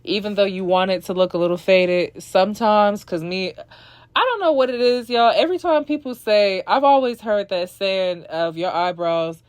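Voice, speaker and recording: A woman's voice: medium pitch, normal speed, smooth, no room sound. A young woman talking viewers through a makeup tutorial in a sassy, chatty voice-over. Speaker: beauty vlogger.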